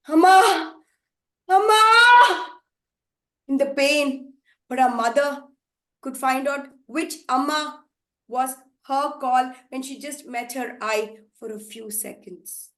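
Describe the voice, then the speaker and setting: A woman telling a story at a live event, dramatic, with sudden loud outbursts and hushed passages. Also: on the high side. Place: festival storytelling venue. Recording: echoey room, live performance.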